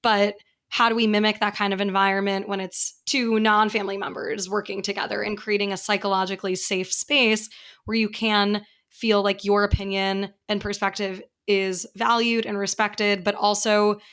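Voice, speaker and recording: A woman's voice: medium pitch, flat delivery, normal speed, fairly bright tone, smooth. Brief: female podcast host, earnest, conversational, many fillers. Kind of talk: conversational interview.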